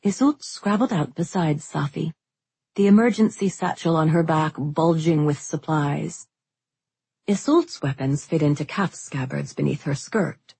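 A woman narrating a fantasy novel as an audiobook, in steady, unhurried storytelling. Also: sits low, husky, no echo.

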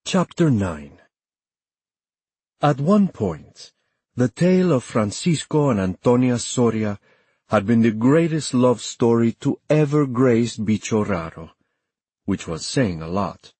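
Man, audiobook narrator, husky tone, lively pitch, dry close sound. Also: takes it slowly, dry recording.

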